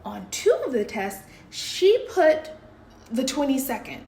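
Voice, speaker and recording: A woman's voice: high-pitched, slow, reverberant, slight background noise. A woman in her thirties from the United States, casually telling a story to her viewers and acting out her own panicked moments. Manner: animated, breathless retelling, acts out her own panicked shouts.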